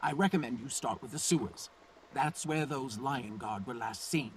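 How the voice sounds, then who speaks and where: Man voicing a game officer, commanding, measured, heard from afar, light hiss. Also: medium pitch, natural voice. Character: male military officer giving a briefing. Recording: distant, noisy game audio.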